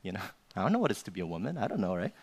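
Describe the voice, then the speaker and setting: A man's voice: lowish voice, big pitch swings, racing, husky. A male pastor preaching a sermon in an informal, conversational way, often tagging his sentences with "you know" and "right?".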